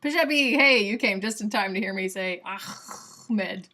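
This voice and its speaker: A woman's voice: medium pitch, unhurried, sharp tone. Chatty Southern US woman teaching sounds. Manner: chatty and playful, demonstrating sounds aloud. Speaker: streamer teaching phonetics. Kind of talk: casual livestream lesson.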